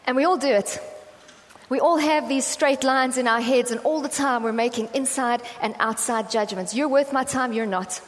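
A woman's voice: on the high side, normal speed. Chatty South African woman preaching. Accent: South African English. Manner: chatty storytelling, acting out quoted voices. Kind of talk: conversational sermon. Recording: reverberant hall with faint ambient noise.

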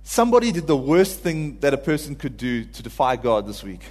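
A man's voice: medium pitch, very animated, a little fast, darkish tone, in a large hall. A man giving an informal, earnest sermon to a congregation, at times rising to pleading cries. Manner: earnest, builds to pleading cries when quoting. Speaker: preacher.

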